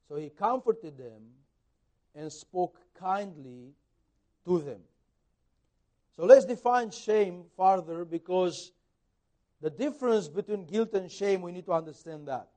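A man preaching a sermon, retelling a Bible story in an animated way, his loudness rising and falling. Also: high voice, slow pace, long pauses.

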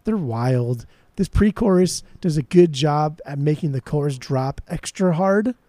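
A man's voice: fairly high pitch, unhurried, no room sound. A man co-hosting a podcast, joking around and raving about a song's riffs. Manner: joking, playful, lively. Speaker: podcast co-host. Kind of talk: casual music podcast chat.

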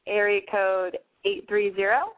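A woman hosting a call-in advice podcast, blunt and excitable, swearing freely as she talks callers through their problems. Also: mid-range voice, unhurried, dry recording. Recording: phone-like narrow sound, dry.

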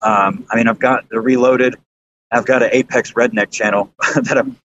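A man from the American South talks loosely on a podcast, rambling through fillers and restarts and swearing casually. His voice sits at an ordinary pitch, and the recording sounds slightly dull, with a faint rumble underneath. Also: fairly even intonation, moderate pace, fairly bright tone. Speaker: YouTuber guest.

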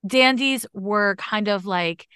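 A woman's voice: mid-range voice, slow, smooth, dry recording. Emphatic woman astrologer, dry sound. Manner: emphatic, animated, casual swearing. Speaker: astrologer podcast host. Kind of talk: conversational astrology reading.

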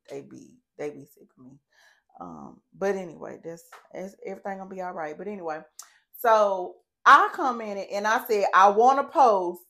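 Woman host doing a solo podcast rant: animated, profane, talks right to her listeners. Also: medium pitch.

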